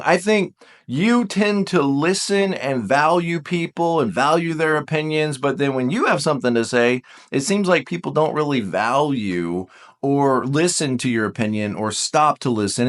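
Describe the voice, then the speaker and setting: A man teaching viewers in a casual talk straight to the camera, animated and full of rhetorical questions aimed at his audience. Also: on the high side. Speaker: personality coach.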